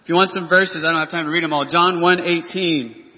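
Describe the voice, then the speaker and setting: A pastor delivers an earnest sermon in a church hall, his voice on the high side, a little fast and fairly even in intonation. He reads from scripture and asks rhetorical questions, captured in dull lo-fi sound with a long reverb tail.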